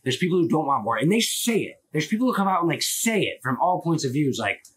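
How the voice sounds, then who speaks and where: A man's voice: a little high, very animated, quick pace, fairly bright tone, breathy edge. A man hosting a live stream, chatting casually and opinionatedly, with lots of filler words and swearing, into a phone. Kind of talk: casual rambling chat.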